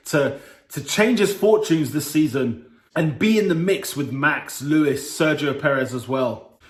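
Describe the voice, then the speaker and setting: A young man, speaking in a fairly high voice, delivering an animated solo review. He exclaims and teases his way through it. The sound is roomy and echoey. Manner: lively, exclaiming, playful scolding. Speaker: motorsport commentator vlogger. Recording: echoey room.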